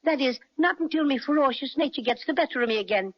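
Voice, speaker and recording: A woman's voice: high voice, lively intonation, normal speed. A woman voicing a small, friendly male teddy bear with a playful Irish-flavored lilt, in a radio play on a dull lo-fi recording. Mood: kindly, coaxing.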